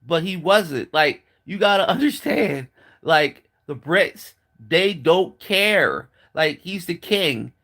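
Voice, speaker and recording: A man's voice: fairly high pitch, animated, slow, a bit bright. A man giving a casual, blunt opinion monologue, mocking and profane, with lots of fillers and restarts. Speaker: commentator.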